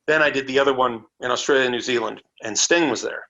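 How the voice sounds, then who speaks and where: Talking fast over dull-sounding audio, this man is a podcast guest phoning in from home. He spins casual road stories in a relaxed way, now and then switching to a silly high voice.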